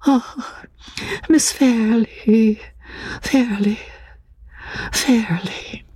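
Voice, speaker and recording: Guy doing a shaky haunted young woman in a storybook reading, high and breathy, pleading. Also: unhurried, darkish tone, heavily acted. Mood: hushed longing. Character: frightened fragile young woman, haunted, unstable.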